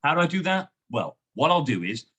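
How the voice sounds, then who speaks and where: A man, a sales trainer and guest, coaching in a lively, emphatic way. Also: on the high side, brisk, husky. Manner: lively, emphatic coaching with frequent "you know". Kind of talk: coaching conversation.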